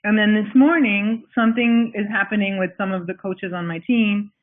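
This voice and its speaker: A woman's voice: medium pitch, fairly even intonation, normal speed. A woman hosting a team call as a coach, upbeat and encouraging in a chatty way. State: recovering from flu. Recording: tinny phone-line audio.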